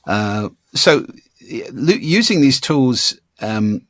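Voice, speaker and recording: An older man as an interview guest, explaining ideas in a demonstrative way and playing with his pitch and volume to show his points. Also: big pitch swings, slow, a bit bright, no room sound, clean studio sound. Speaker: guest, speaking coach. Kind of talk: conversational interview.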